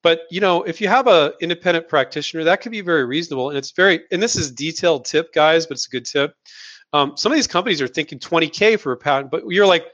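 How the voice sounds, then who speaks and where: A man's voice: fairly high pitch, fast, a bit bright, muffled recording. A man hosting a live question-and-answer session, giving blunt, emphatic advice and repeating words for stress. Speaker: host answering viewer questions.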